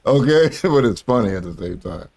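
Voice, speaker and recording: A man's voice: medium pitch, lively intonation, a little fast, gravelly, a little mellow. A man live-streaming reactions to a video, joking crudely and laughing often. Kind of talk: casual live-stream commentary.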